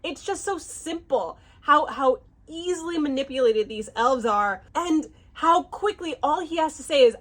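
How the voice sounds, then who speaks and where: A woman giving a casual, animated reaction review, often restarting and stumbling over names. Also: sits high, a little slow, few pauses. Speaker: fantasy series reviewer.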